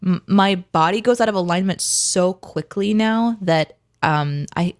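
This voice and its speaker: A woman's voice: fairly low pitch, unhurried, no room sound, clean studio sound. A woman co-hosting a live morning stream from home, chatting casually in a rambling way and laughing often. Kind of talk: casual chat. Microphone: desk mic on an arm with webcam.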